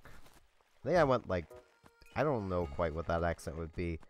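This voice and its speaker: A man casually commentating as he plays a video game, in a dry, self-described monotone manner. His pitch still moves around more than he claims, with lively rises and dips. Faint game music sits quietly under his voice. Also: normal speed, pauses often. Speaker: let's play host.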